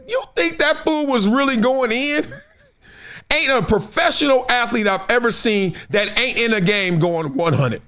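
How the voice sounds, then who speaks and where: A man in his forties hosting a casual sports talk stream, animated and trash-talking, slipping into put-on fan voices. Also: very high voice, measured pace. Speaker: show host.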